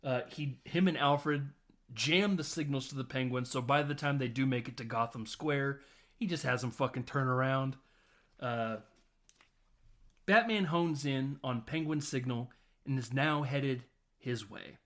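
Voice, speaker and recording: A man recounts a film scene by scene in loose, profane chat. He laughs often and drops into quick quoted lines as he goes, at a middle pitch. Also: a bit bright. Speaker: podcast host. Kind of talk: casual film recap.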